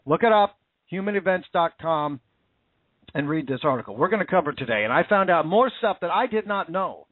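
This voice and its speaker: A man with a high voice delivers indignant, impassioned talk-show commentary, repeating himself for emphasis. The sound is dry and close, squeezed through a narrow, phone-like band. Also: no echo. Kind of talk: casual political commentary. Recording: tinny phone-like line.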